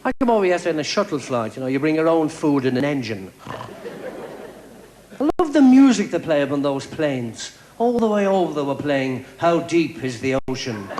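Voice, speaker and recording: A man doing a stand-up comedy set of quick one-liners on a TV show. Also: fairly high pitch. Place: TV studio with live audience. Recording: live TV show with crowd laughter and noise.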